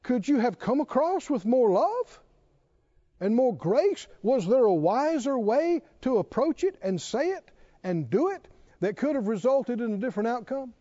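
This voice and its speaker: A man's voice: extremely high pitch, warm tone, lo-fi sound. A man preaching a sermon, pressing his listeners with pointed rhetorical questions.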